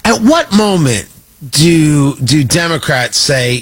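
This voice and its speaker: A man's voice: sits high, sing-song, unhurried, bright, forceful tone, breathy edge. A man hosting a talk show, delivering a sarcastic, mocking monologue with frequent restarts. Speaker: talk radio host.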